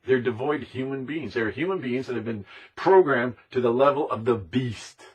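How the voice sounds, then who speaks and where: A man's voice: medium pitch, moderate pace, husky. A man delivering an impassioned, emphatic monologue, repeating himself and now and then mimicking other people's voices. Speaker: speaker on conspiracy topics.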